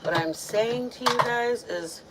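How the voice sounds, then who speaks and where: A woman from Michigan hosting a casual cooking vlog, chatty and excitable, talking straight to her viewers. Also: on the high side, measured pace, heavy background noise. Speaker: home cooking vlogger. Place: home kitchen. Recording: kitchen with loud frying and sizzling.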